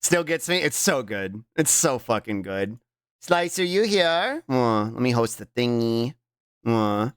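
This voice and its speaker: A man's voice: a little slow, smooth, dry recording, studio quality. A man streaming, chatting casually and teasing his guest, swearing often. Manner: playful, teasing, swears often, lively swoops in pitch.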